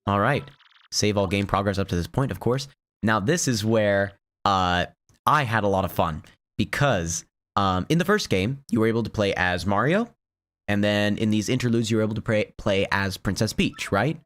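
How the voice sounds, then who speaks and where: A hoarse man from Finland giving chatty, rambling gameplay commentary and laughing often. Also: lowish voice, animated, normal speed, a bit bright. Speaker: let's play host.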